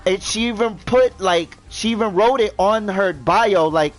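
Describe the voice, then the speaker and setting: Man, fairly high voice, indignant rant, swearing, stammering restarts, quiet background music. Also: unhurried, low-quality recording. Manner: indignant, swearing, repeats himself. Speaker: gaming vlogger. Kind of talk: ranting commentary.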